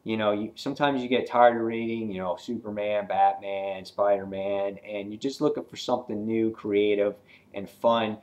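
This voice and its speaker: A man giving a casual, excitable comic book review, rambling with frequent fillers and restarts. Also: on the low side, moderate pace, muffled recording.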